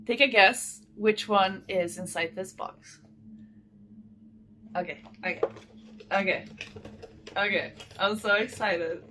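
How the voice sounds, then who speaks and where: A woman's voice: mid-range voice, slow pace, long pauses, background noise. A woman hosting her channel, chatting casually to viewers as she unboxes, gushing and talking to them directly. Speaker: channel host.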